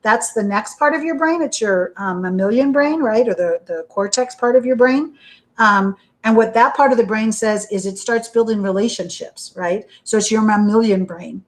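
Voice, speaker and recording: A woman's voice: fairly high pitch, normal speed. Chatty woman lecturing, "right?" every line. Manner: conversational, checks in with "right?" constantly; acts out panicked inner voices. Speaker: university lecturer. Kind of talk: recorded lecture.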